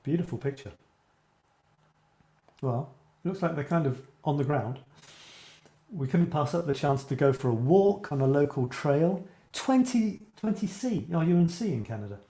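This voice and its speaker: A man's voice: on the high side, animated, moderate pace, pauses often, dark tone. A man hosting a casual live-stream about writing, rambling and musing aloud as he reacts to viewers' posts. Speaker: writing coach and live show host. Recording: echoey room.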